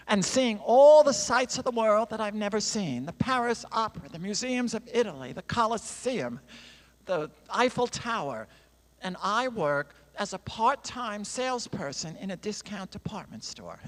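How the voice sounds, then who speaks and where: A man voicing a humble woman who works as a store clerk, wistful and doubtful about her dream, in a sermon story. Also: medium pitch. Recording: long reverb in a large hall.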